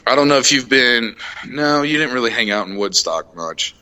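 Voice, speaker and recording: A young adult man hosting a casual podcast, telling a heated, profane road-rage story and acting out the shouting. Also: medium pitch, expressive, normal speed, smooth. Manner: profane, heated retelling, acts out shouted quotes. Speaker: podcast host.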